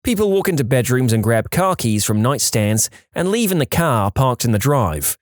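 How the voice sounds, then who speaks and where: A man reading online stories aloud as the narrator, lively and animated. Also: medium pitch, moderate pace, no room sound, clean studio sound. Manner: animated reading, acting out quoted lines in raised voices. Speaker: story narrator.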